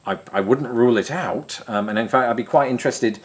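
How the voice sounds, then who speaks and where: A man's voice: mid-range voice, fairly quick. A man with an English accent from Grimsby, with some American R sounds, chatting wryly to camera as he answers viewer questions. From England. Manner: chatty and wry, self-deprecating jokes. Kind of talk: casual chat to camera.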